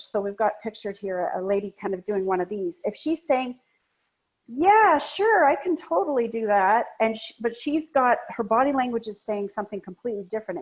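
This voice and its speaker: Husky-voiced high-energy woman. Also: a little mellow, low-quality recording. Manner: high-energy, emphatic talker. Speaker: business coach presenting a training webinar. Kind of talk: conversational presentation.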